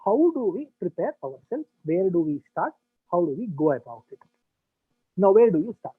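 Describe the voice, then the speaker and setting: A man's voice: high voice, very animated, moderate pace, husky, dry recording. A man teaching an online coaching class, explaining step by step with frequent fillers and rhetorical questions. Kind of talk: online lecture. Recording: tinny, dry, lo-fi line with faint music.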